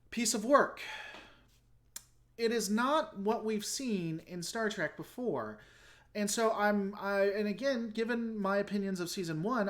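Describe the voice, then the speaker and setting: A host talking casually through a trailer reaction and answering comments from viewers. The delivery rambles and is plainly critical, and sentences are often begun again partway through. The pitch sits in a middle register. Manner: frank and opinionated.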